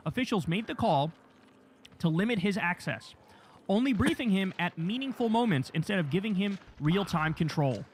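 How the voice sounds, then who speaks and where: Fiery, sarcastic man with a high voice. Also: expressive, normal speed. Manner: fiery, sarcastic, swears freely. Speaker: news commentary host. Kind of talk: livestream political commentary. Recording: noisy livestream audio.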